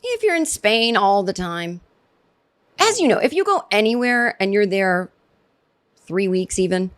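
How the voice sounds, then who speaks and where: A woman's voice: medium pitch, very animated, unhurried. Woman, middle-aged, podcast comic host; sardonic, digressive monologue with frequent restarts. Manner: sardonic, rambling, self-interrupting. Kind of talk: solo comedic podcast monologue.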